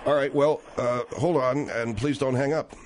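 A man's voice: medium pitch, fairly even intonation, normal speed, a little hiss or hum. A man hosting a call-in radio show, defending himself and trying to keep a prickly guest on track. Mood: placating. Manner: defensive, trying to placate and steer back on track. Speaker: radio talk show host.

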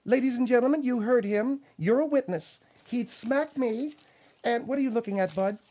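A man's voice: extremely high pitch, moderate pace, dark tone, pitched above the performer's own voice. A man plays a brash woman who mocks everyone and plays the wronged party. Her talk is theatrical and accusing. The radio audio is slightly dull. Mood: mocking. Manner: mocking, theatrical.

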